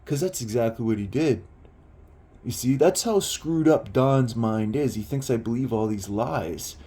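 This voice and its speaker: A man recounting a grievance in a casual, rambling monologue. He fills his talk with "like" and casual swearing. His voice sits at an ordinary middle pitch. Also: a little slow, warm tone. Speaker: storyteller.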